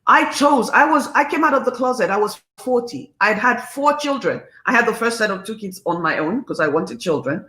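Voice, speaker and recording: A woman's voice: on the high side, lively intonation, brisk, hardly any pauses, bright, forceful tone, echoey room. Passionate Nigerian woman in her fifties. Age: 50s. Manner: passionate, emphatic, preachy. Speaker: livestream host. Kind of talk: casual livestream talk.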